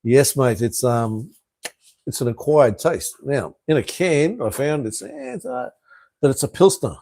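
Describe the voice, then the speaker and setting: In his fifties and from Tasmania, this Australian-accented man reads viewer comments on a casual live stream and answers them bluntly, swearing freely and chuckling between remarks. His mid-range voice is creaky and darkish, with big pitch swings at a measured pace, and there's no echo.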